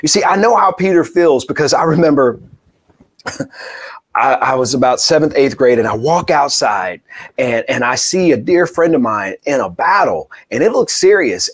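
Preaching a sermon from what sounds like a church pulpit, a male pastor speaks in a high, lifted, husky voice. He tells stories animatedly and performs each voice he quotes.

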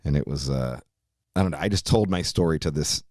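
A man's voice: extremely low pitch, animated, a little fast, a little mellow, dry recording, clean studio sound. A middle-aged man from Virginia, a podcast guest telling a story in a rambling, profane way and laughing often. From Virginia, USA. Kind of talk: casual storytelling.

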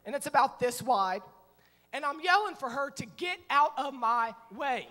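A middle-aged man preaching a sermon as pastor, telling stories in an animated way and breaking into shouts. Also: extremely high pitch, moderate pace. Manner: animated storytelling, acting out scenes, bursts of shouting. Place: church sanctuary. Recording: long reverb of a church hall.

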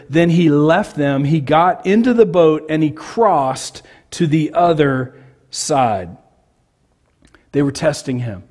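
A man's voice: a little high, expressive, takes it slowly, a little mellow. A man from California preaching a sermon as pastor, talking conversationally and asking the congregation questions.

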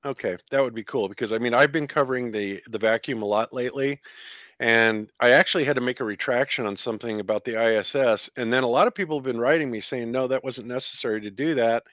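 A man's voice: mid-range voice, quick pace, fairly bright tone, dry recording. Laid-back man hosting a quiz over a dull line. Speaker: quiz host on a livestream. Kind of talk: casual livestream chat.

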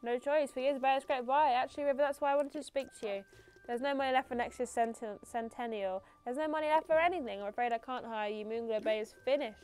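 A woman's voice: sits high, quick pace, darkish tone, close to an everyday voice. A woman voicing a weary, despairing town official from a cozy video game, reading the lines aloud. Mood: gloomy.

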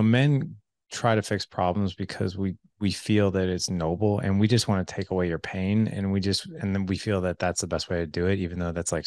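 A man's voice: lowish voice, dry recording, clean studio sound. A man in his forties hosting an interview, talking earnestly and reflectively, sometimes searching for his words. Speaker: podcast host. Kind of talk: conversational interview.

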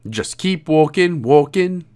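A man's voice: a little high, expressive, takes it slowly, darkish tone, smooth. A man giving casual, jokey walkthrough commentary on a game, now and then reading out lines in put-on voices. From Wales. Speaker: game guide creator.

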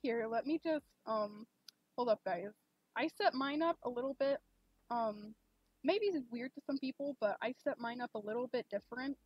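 A young woman streaming a game, chatting casually and rambling with lots of fillers, gushing excitedly at times. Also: on the high side, normal speed, slightly rough, no echo. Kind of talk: casual live-stream chat. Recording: dull lo-fi stream mic.

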